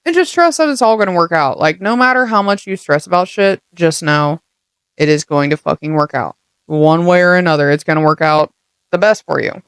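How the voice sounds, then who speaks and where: Young adult podcast host, casual pep talk, swears a lot, streetwise slang, clear smooth voice, dry sound. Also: mid-range voice, a little fast, fairly bright tone, dry recording. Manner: blunt, heavily profane, streetwise slang. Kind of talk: casual motivational monologue.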